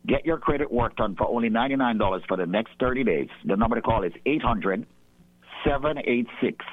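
A man hosting a radio segment, giving an emphatic sales pitch and repeating his key points. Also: lively intonation, fairly quick, no room sound. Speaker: radio host pitching a sponsor. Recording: tinny phone-like radio audio.

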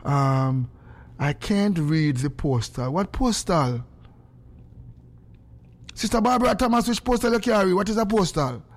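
A man's voice: sits high, a little slow, pauses often. A man chatting animatedly on a casual livestream, greeting viewers by name. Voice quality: gravelly, animated and excitable. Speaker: social media livestreamer. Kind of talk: casual live chat.

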